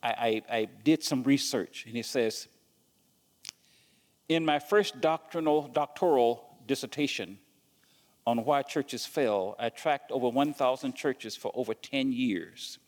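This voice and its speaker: A man's voice: mid-range voice, unhurried, long reverb tail. A man preaching a sermon as pastor, stumbling and repeating words as he goes and asking the congregation questions.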